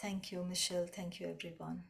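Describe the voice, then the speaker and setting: A woman teaching a devotional class, explaining slowly and reflectively and often repeating a point in new words. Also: lowish voice, flat delivery, creaky. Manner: slow, reflective, gently repetitive explanation. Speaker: spiritual teacher.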